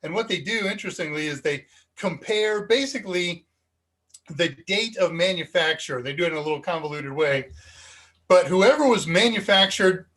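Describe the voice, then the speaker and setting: A man's voice: sits high, normal speed, fairly bright tone. An American man hosting a live tech Q&A stream, chatting casually and rambling with frequent ums, speaking into a cheap USB microphone. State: slightly dizzy and foggy. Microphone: cheap USB desk microphone.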